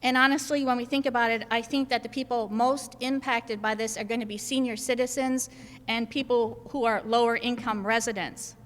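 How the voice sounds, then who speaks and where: A woman's voice: fairly high pitch, steady tone, fairly quick. Emphatic woman senator in a reverberant hall. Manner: emphatic, builds points in repeated lists. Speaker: state senator. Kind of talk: political press conference speech. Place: indoor government building hall.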